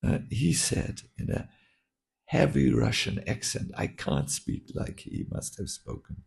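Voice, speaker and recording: A man, a monk, telling a story while teaching a scripture class, halting with many fillers and restarts. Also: medium pitch, big pitch swings, vocal fry, a little mellow.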